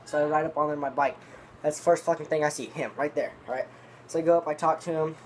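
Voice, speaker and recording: A man's voice: a little high, steady tone, fast talker, slight background noise. A man telling a long, rambling story in casual, profanity-laden talk, reviewing dip tobacco. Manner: rambling, profane, restarts often.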